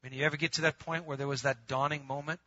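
A man preaching a sermon to his congregation in a lively, conversational way, moving from loud emphatic bursts to quiet, intimate pleading. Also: on the high side, very fast, muffled recording. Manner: calls the congregation "gang", laughs between points. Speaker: pastor.

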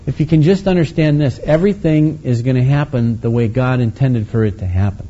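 Mid-range and mellow with a breathy edge, this pastor's voice moves briskly through a folksy, conversational sermon. He speaks casually, frequently restarting and stepping into asides, and the lo-fi recording sounds slightly muffled.

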